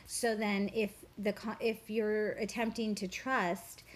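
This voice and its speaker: Woman guest, spiritual teacher, reflective interview storyteller, earnest, mid-range voice, halting repeats. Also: mid-range voice, level tone.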